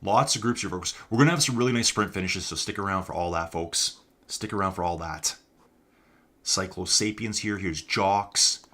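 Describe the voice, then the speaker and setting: A low-voiced man provides casual live-stream commentary on an online cycling race, rambling chattily, addressing his viewers as "folks" and responding to the chat along the way. He speaks at a moderate pace in a pushed, bright voice.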